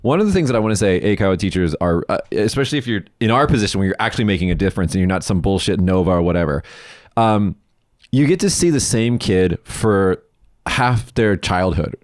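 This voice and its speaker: A man co-hosting a podcast, telling stories in a casual, animated and profane way. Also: sits low, a little fast, no echo, studio quality. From United States. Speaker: podcast co-host.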